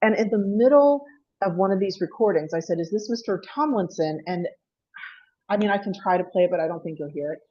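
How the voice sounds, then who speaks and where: A woman's voice: medium pitch, fairly quick, dark tone, muffled recording. A woman presenting her paranormal investigations at an online panel, chatty and apologetic, laughing often. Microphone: video call.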